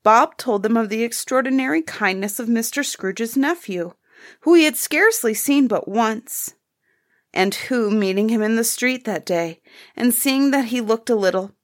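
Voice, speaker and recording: A woman narrating a classic story for an audiobook in a calm, measured storytelling manner. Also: on the high side.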